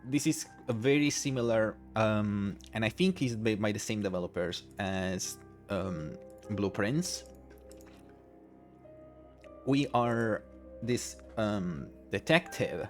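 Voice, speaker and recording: A man with a fairly low voice chats through a game on stream. He talks in a halting way, restarting words and filling pauses. Faint game music plays underneath. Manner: halting, many restarts and fillers. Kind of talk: casual gameplay commentary.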